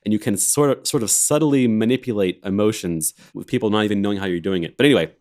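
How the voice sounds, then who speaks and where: A laid-back American man in his thirties with a very low, deep voice, from Alabama. He rambles through his story in a casual chat over a video call and laughs easily. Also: fast talker, a little mellow. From Alabama, USA. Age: 30s. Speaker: organist and film composer, co-host.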